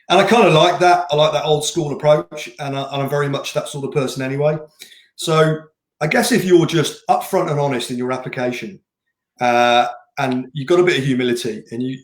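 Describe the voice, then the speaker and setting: A man, a race director talking bluntly in a casual interview, laughing easily and restarting his sentences. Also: medium pitch. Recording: roomy echo.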